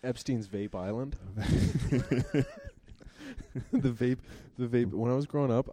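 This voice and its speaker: A man's voice: medium pitch, slow pace, pauses often, dark tone, dry recording. A man co-hosting a podcast, rambling in a laid-back way with crude humor. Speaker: podcast co-host. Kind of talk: casual comedic chat.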